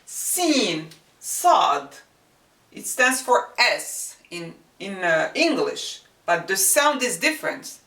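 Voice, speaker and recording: Slow, echoey woman teaching letter sounds. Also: medium pitch, sing-song, sharp tone. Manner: demonstrates sounds slowly with repetition. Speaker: Arabic teacher. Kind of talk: slow language lesson. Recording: echoey room, mic at a distance.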